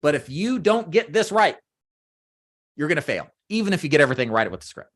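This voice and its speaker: A man in his thirties coaching sales agents, emphatic and animated, acting out sample phone pitches on camera. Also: a little fast. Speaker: sales trainer. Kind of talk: training talk to agents. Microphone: webcam or desk mic on camera.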